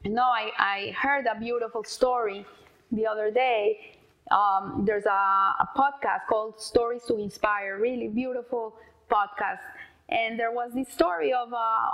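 A woman casually telling an inspirational story, halting and repeating words as she goes. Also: fairly high pitch, fairly even intonation, lo-fi sound.

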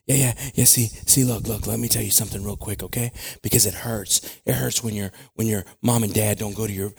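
A man preaching a sermon, dropping to quiet, conversational asides and then rising to loud, emphatic shouts, with laughter along the way. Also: on the low side, a little fast, creaky, slightly rough. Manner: animated, with laughter and restarts. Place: church.

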